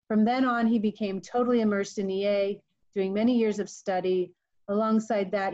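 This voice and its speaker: Mellow-voiced woman moderating a panel. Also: mid-range voice. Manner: friendly, reads introductions, laughs easily. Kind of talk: hosting a video panel. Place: home, video call. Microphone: video call mic. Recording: dull lo-fi video call audio.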